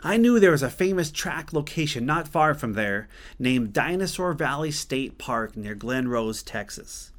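A man's voice: mid-range voice, sing-song, measured pace, few pauses. A man from Montana telling a personal story in an earnest, conversational way, often stopping to correct himself.

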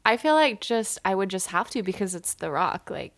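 A young woman in her twenties, co-hosting a casual chat, blunt, crude and quick to giggle. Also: mid-range voice, very animated, fairly bright tone.

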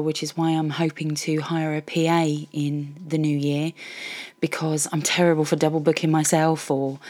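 A woman's voice: sits low, a little mellow. A middle-aged woman hosting a podcast, talking candidly and ramblingly about her frustrations in a personal monologue. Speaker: podcast host.

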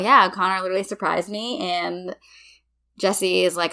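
A woman's voice: medium pitch, normal speed. A young woman co-hosting a casual podcast chat, telling stories with lots of "like" fillers and acting out what people said. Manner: animated storyteller, acts out quotes, many "like" fillers. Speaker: podcast co-host.

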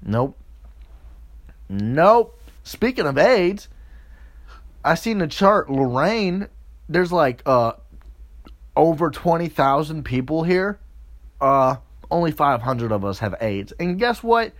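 A man's voice: very animated, slow, long pauses. A man in his twenties telling a crude, rambling story in a swearing comedic rant. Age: 20s. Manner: jumps into loud, high-pitched mocking voices.

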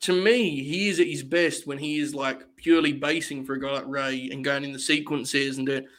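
A man's voice: medium pitch, fairly even intonation, fairly quick, fairly bright tone. A man co-hosting a casual wrestling podcast, opinionated and laid-back, saying "like" and "dude" and swearing freely. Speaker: podcast co-host.

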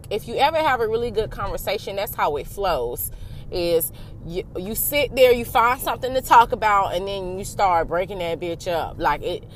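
A woman's voice: mid-range voice, slight background noise. Frank, profane woman talking to camera. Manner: frank and profane, acts out both sides of a talk with herself. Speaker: vlogger giving self-help advice. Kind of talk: casual motivational monologue.

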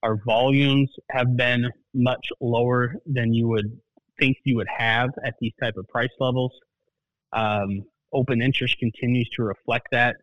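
A man's voice: mid-range voice, fairly even intonation, no room sound, muffled recording. Plainspoken man talking grain markets. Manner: plainspoken, measured, folksy phrases. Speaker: market analyst guest. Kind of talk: casual market talk.

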